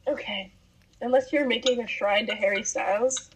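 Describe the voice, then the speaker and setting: Teen girl cohost, dry sarcastic jokes, a bit high voice, on the phone. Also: moderate pace, slightly rough, low-quality recording. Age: teens. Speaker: podcast co-host. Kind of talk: casual chat. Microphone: phone call.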